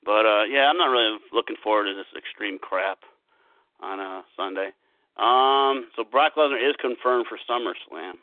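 A man's voice: lowish voice, moderate pace, no room sound. Guy rambling and cussing about wrestling, tinny phone-line sound, dry. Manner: profane, rambling, laughs at his own jokes. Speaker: podcast co-host. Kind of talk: casual wrestling chat.

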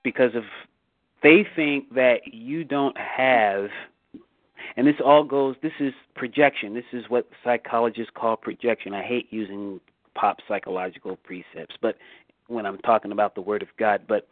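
A man's voice: mid-range voice, normal speed, dry recording. A man hosting a bible study discussion, talking emphatically with repeats and restarts, rising sharply for rhetorical questions. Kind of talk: casual discussion on a call. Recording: dry tinny phone line.

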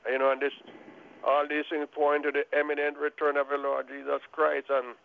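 A man's voice: on the high side, monotone, brisk, vocal fry. Jamaican man testifying over a phone line. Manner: earnest storytelling with many restarts. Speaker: caller sharing a testimony. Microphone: telephone.

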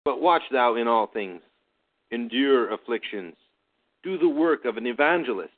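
A man reading scripture aloud in a church service, declaiming it loudly. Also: mid-range voice, expressive, moderate pace. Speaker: scripture reader. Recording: phone-like narrow band.

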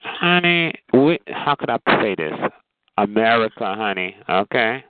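A man's voice: fairly low pitch, big pitch swings, measured pace, dry recording. A man ranting on the phone in a sassy, mocking way, calling people honey and child. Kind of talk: profane phone rant. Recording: tinny phone line with faint noise.

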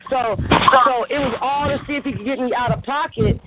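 A woman in a casual podcast chat, telling stories in an animated, slangy way. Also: sits high, normal speed. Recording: tinny phone line with faint noise.

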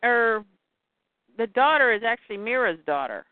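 A woman's voice: fairly high pitch, very animated, normal speed, dry recording. Woman with a tinny phone-like sound. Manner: acts out comic dialogue with shifting voices. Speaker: podcast co-host. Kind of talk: casual chat, reading comic scenes aloud. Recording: tinny phone-like line, dry.

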